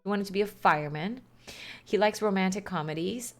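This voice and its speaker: A woman's voice: medium pitch, fairly quick, faint music behind. A woman streaming a game, chatting casually and reading on-screen text aloud with wry asides. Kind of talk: casual game playthrough commentary.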